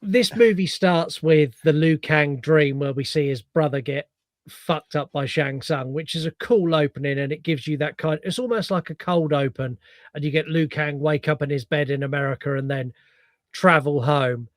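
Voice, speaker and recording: A man co-hosting a podcast, chatting casually about a film, animated and swearing freely. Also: fairly high pitch, moderate pace, no room sound. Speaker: podcast co-host. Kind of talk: casual film review chat.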